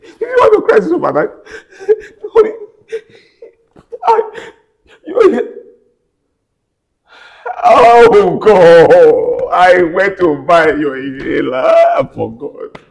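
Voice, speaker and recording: A man's voice: sits high, wildly swooping pitch, slow pace, creaky, pauses often, a little mellow, heavily acted. A man acting a husband who wails and pleads over his collapsed wife, crying as he talks. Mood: grieving. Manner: pleading, wailing, sobbing grief. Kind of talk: dramatic acting.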